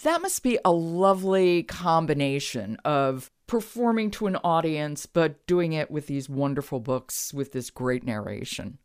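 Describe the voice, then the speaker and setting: A woman's voice: low-pitched, lively intonation, unhurried, few pauses, darkish tone, smooth. A woman interviewing an audiobook narrator and asking curious, appreciative questions.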